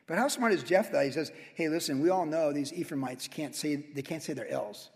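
A man preaching a verse-by-verse sermon in an animated, conversational way, with sudden loud emphasis. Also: on the high side, normal speed, vocal fry, in a large hall. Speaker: pastor.

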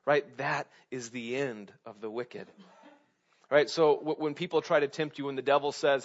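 A man preaching a sermon in a conversational way, often asking "right?" and swinging between loud emphasis and hushed asides. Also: medium pitch, fairly even intonation, moderate pace, dull audio. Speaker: pastor.

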